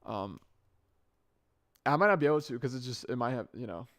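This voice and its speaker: A man's voice: medium pitch, animated, a little fast, a bit bright, dry recording. Rambling young man, dry close podcast mic. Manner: rambling, often restarts and corrects himself mid-sentence. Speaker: podcast host. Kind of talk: casual solo podcast monologue. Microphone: good podcast microphone.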